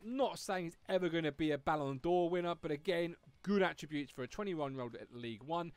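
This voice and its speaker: A man's voice: fairly high pitch, fairly quick, clean tone, no room sound. A man hosting a video game guide in a chatty, upbeat, conversational way. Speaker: host.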